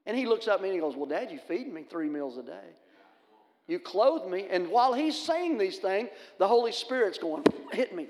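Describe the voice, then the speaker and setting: A middle-aged man preaches from a church pulpit, his fairly high voice carrying through a long, ringing reverb. He tells his stories in a folksy, animated way and jumps into the voices of the people in them. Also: moderate pace. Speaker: pastor. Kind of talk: sermon with storytelling. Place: church sanctuary.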